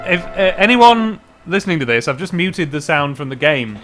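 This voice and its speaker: A bright, animated man's voice with a wide, bouncing pitch, chattering through a game stream and stuffy from hay fever. He hums and scats little tunes between remarks and bursts into excited yelps. Faint music plays behind him. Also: moderate pace, hardly any pauses. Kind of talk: casual let's play commentary.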